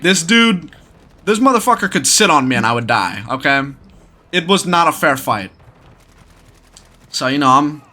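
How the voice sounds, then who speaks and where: A man's voice: a little high, sharp tone. A young man telling a story in casual, rambling commentary, swearing constantly.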